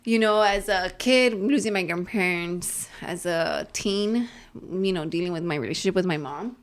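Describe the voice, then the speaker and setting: A woman's voice: on the low side, normal speed. A young woman co-hosting a podcast, chatting candidly and mixing in Spanish phrases. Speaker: podcast co-host. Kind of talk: casual chat.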